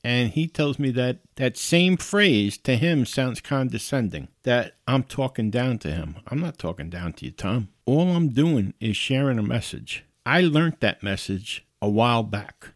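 A middle-aged man talks in an earnest, casual storytelling manner at a middle pitch. His voice is recorded close and dry, with no room sound around it. He sounds like he is just chatting to his listeners. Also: unhurried, hardly any pauses, no room sound. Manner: earnest, conversational, animated in quoted exchanges. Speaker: podcast host.

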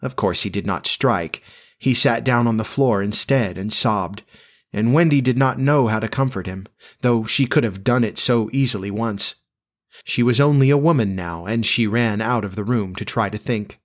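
A man narrating a classic storybook aloud in a measured, expressive reading. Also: lowish voice.

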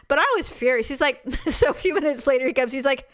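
A woman's voice: sits high, expressive, brisk. A middle-aged woman hosting a podcast, telling a story in casual chat, acting out quoted voices, swearing and laughing. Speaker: podcast host.

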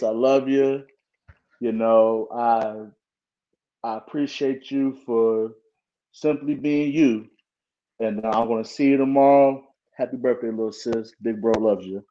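A man's voice: medium pitch, warm tone, lo-fi sound. A man from Cincinnati, a teacher and podcast co-host, talking in a laid-back way with plenty of uh and um. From Cincinnati, Ohio. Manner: laid-back, many fillers like uh and um. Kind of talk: casual podcast chat.

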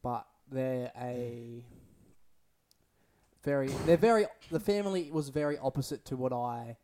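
A man's voice: mid-range voice, lively intonation, unhurried, mellow, slight background noise. A young man, a podcast co-host telling rambling, sweary stories in casual chat.

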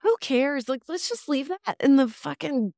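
A woman talking casually as a podcast guest, animated and candid, laughing often and swearing now and then. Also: high voice, moderate pace, dry recording, clean studio sound.

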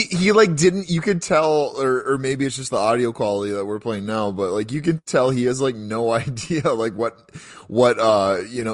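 A man co-hosting a casual sports podcast, wry and chatty. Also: fairly low pitch. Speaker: podcast co-host.

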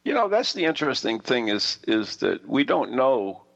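A man's voice: medium pitch, big pitch swings, normal speed, fairly bright tone, lo-fi sound. A man hosting a radio show, chatting casually in a laid-back way. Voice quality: gravelly, husky.

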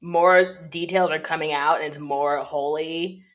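A woman's voice: sits low, fairly even intonation, measured pace. A woman co-hosting a podcast, chatting bluntly and sassily about reality TV gossip. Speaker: podcast co-host. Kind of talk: casual chat.

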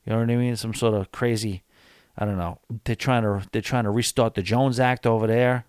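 Late at night, a tired podcast host rambles through a casual solo episode, yawning and using plenty of fillers. His fairly low voice is clean and a little mellow, with fairly even intonation and a slightly fast pace, recorded dry with clean studio sound.

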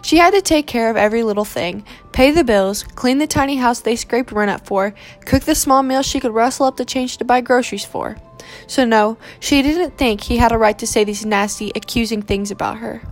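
A woman reading a romance novel aloud in steady, measured narration. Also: a little high, soft background music.

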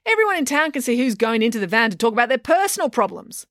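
A woman voicing a feisty, outspoken girl who speaks loudly and indignantly. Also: fairly high pitch, big pitch swings, fast, no room sound, clean studio sound, voice pushed up. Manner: loud, indignant, sharp-tongued.

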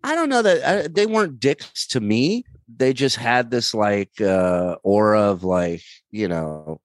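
A comedian man telling animated, rambling stories with many fillers, in a casual chat. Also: lowish voice, slow pace, dry recording, faint music behind. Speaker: comedian guest. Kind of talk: casual storytelling.

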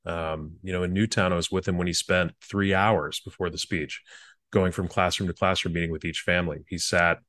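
A former speechwriter, a man, telling earnest stories in an interview, halting often and restarting his sentences. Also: low voice, fairly bright tone, dry recording. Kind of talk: reflective interview storytelling.

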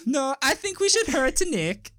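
A gleeful, mischievous inner voice, as a man puts it on, pitched up high and sing-song. It bounces through a scheming, playful delivery. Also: big pitch swings, a little slow, pushed and bright, exaggerated voice.

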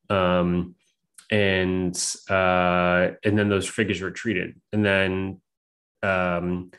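A man's voice: low-pitched, level tone, very slow, a bit bright, clean tone. A man telling spooky stories as a podcast guest, in a casual, rambling way full of fillers and swearing. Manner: profane, rambling, filler-heavy. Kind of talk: casual storytelling chat.

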